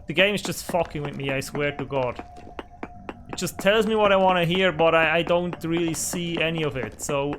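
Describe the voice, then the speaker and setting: High-voiced man, let's play commentary, frustrated, curses at the game, faint music underneath. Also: normal speed, fairly bright tone. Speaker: gaming channel host. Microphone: desk microphone.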